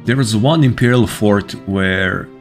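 Slow, low-voiced man narrating gameplay. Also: soft background music. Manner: excitable, swears at enemies. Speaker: gaming video host. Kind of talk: casual gameplay commentary.

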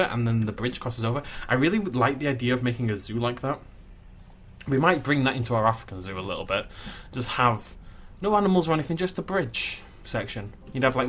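A young man with a mid-range voice hosts a gaming channel, giving casual commentary while playing a zoo game. He chats and coos at the animals, with a little hiss or hum in the audio.

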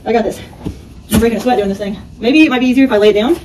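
A woman's voice: on the high side, rapid-fire, recorded from a distance, very noisy. A woman hosting a casual home vlog, narrating a product assembly in a rambling way with lots of fillers, indoors at home. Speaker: product reviewer.

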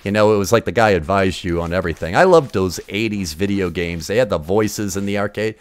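A man's voice: low-pitched, fairly quick, no room sound. A man in his forties from Massachusetts with a Boston accent, chatting loosely and swearing a lot as he plays old games on a livestream. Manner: profane, rambling and excitable. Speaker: streamer. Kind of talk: casual gaming livestream chat.

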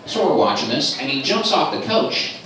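A middle-aged man doing a stand-up set at a comedy club, telling stories animatedly and jumping into high squeaky voices for other people. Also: very animated, moderate pace. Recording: live club recording from a distant mic, with an echoey room and crowd noise. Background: audience laughter.

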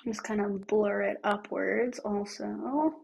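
A woman livestreamer with a raspy, smoker-like voice and a lingering cough, chatting casually through a makeup tutorial and narrating each step as she works, sometimes dropping to a near-whisper. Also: mid-range voice, fairly even intonation, slow pace, a little mellow, slight background noise. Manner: chatty, thinks aloud while working, drops to near-whispers.

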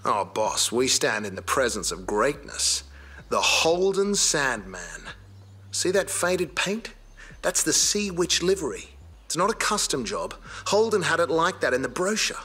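Australian accent, an eager car-hunting sidekick, video game character, excitable and awed, lively pitch. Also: male voice, unhurried, husky, exaggerated voice. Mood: excited.

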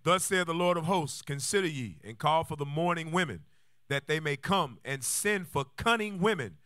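A man's voice: fairly high pitch, normal speed, no room sound. Formal Bible-reading man, dry sound. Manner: steady, formal reading, polite short replies. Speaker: scripture reader. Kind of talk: reading Bible verses aloud.

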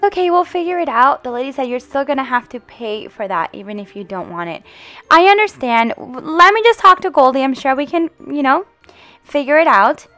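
A woman hosting a family game roleplay as the mom, gentle and motherly in a singsong way. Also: sits high, lively intonation, a little fast, soft background music. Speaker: channel host roleplaying the mom.

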